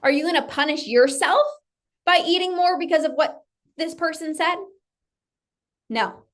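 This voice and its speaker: High-voiced woman giving a motivational talk. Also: normal speed, a bit bright. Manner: emphatic, repeats phrases for effect, acts out client's voice. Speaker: coach.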